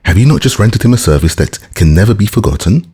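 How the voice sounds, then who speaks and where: A man reading an audiobook, voicing a grave, mysterious nobleman who speaks in a measured, commanding way. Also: lowish voice, animated, dark tone, husky, pitched above the performer's own voice. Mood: cool.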